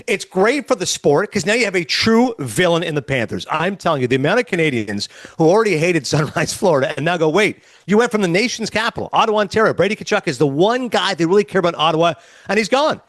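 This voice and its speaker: A man's voice: sits high, fast talker, no room sound. A man co-hosting a sports radio show in casual chat, telling stories and acting out conversations. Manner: animated storyteller acting out conversations.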